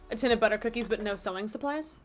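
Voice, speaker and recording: A young woman streaming from her apartment desk, chatting casually with a playful, self-mocking manner. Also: on the high side. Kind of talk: casual live-stream chat.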